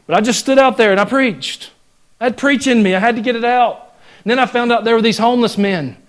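A man with a Southern US accent preaching a folksy, joking sermon in a church, swinging from loud exhortation to hushed asides. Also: very high-pitched, fairly quick. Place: church sanctuary.

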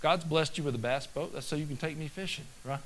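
Give me a male pastor preaching, conversational one moment and loudly emphatic the next. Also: fairly high pitch, rough recording. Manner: conversational, swinging into loud slow emphatic declarations. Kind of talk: sermon.

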